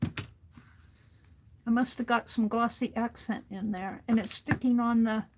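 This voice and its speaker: Slow, thinking-aloud woman crafting at her desk. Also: on the high side, steady tone, background noise. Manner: talks to herself while working, thinking aloud. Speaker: crafting streamer. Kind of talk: casual crafting commentary.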